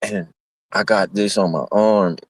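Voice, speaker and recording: A man's voice: fairly low pitch, steady tone, a little slow, dry recording. A young man streaming, telling a profane, rambling story in casual street talk and acting out the voices of the people in it. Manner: acts out quoted voices. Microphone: streaming mic.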